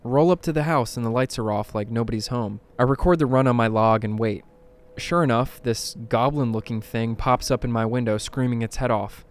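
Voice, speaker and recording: A man reading creepy first-person stories aloud in a dramatic narration, dropping to a hush at tense moments. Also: medium pitch, brisk. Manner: dramatic, hushed at tense moments, bursts of alarm. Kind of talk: scripted horror story narration.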